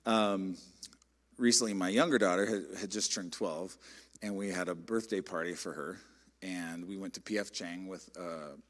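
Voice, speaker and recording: A middle-aged man, a pastor, preaching a sermon in a conversational, animated storytelling way. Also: low-pitched, moderate pace. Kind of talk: sermon with personal stories.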